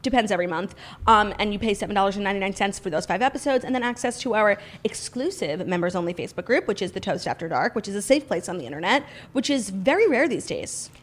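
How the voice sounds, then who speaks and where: A young woman co-hosting a podcast, rattling along quickly in a casual chat. She keeps her pitch in a middle range and fills her talk with "like" and "um". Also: lively intonation. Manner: chatty, many likes and ums. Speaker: podcast co-host.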